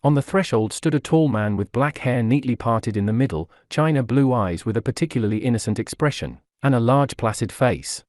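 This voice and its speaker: This is scripted narration of a novel by a male audiobook narrator whose delivery stays even and measured. His pitch is medium, and the studio recording is clean with no room sound.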